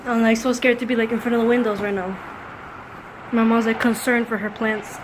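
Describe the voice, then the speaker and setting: A woman's voice: a little high, flat delivery, brisk, a crowd in the background, poor audio. Jittery, frightened young woman vlogging at home. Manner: anxious, jittery, laughing between frightened remarks. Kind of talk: casual home video vlog. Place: home during a storm.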